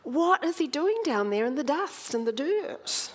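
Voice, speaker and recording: A woman preaching a sermon, conversational and animated, with wry humour as she tells the story. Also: sits high, unhurried, a little hiss or hum.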